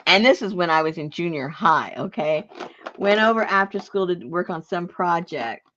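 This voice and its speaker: A woman's voice: fairly low pitch, lively intonation, moderate pace, a bit bright, lo-fi sound, a little hiss or hum. A woman telling a story in a casual chat, laughing often and acting out the voices in her quotes. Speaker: craft video host.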